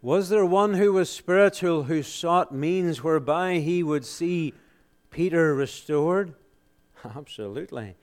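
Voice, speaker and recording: A man preaching a sermon, asking rhetorical questions and answering them emphatically, swinging between loud exclamations and hushed, solemn lines. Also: a little high, slow pace.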